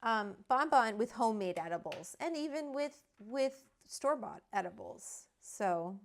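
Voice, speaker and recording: A woman's voice: a little high, lively intonation, a little slow. A woman chatting casually on a livestream from home, reading viewer comments aloud. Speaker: livestream host. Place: at home with her dog.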